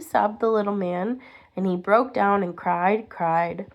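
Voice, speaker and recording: A woman reading a children's storybook aloud in an expressive way, with small restarts. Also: mid-range voice, slow pace. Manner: expressive, with restarts and muttered asides.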